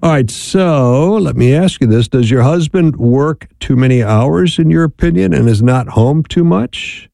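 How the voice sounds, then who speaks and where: A man's voice: mid-range voice, expressive, unhurried, creaky, hardly any pauses, mellow, dry recording. A middle-aged man hosting a call-in radio show, chatting in a folksy way and laughing easily. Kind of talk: casual call-in radio talk.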